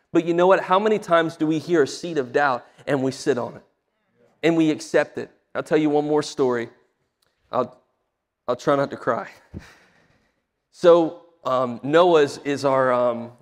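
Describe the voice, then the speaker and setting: A young adult man preaching a sermon as a pastor, telling personal stories with rising emotion. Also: on the high side. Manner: emotional storytelling, voice swelling when stirred. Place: church sanctuary. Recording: hall with long reverb.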